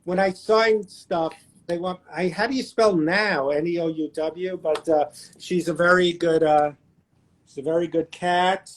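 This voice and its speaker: A man's voice: sits high, steady tone. A man, a guest actor, chatting casually over a video call and telling self-deprecating showbiz anecdotes. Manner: anecdotal, self-deprecating, does quick impressions. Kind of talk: casual storytelling chat.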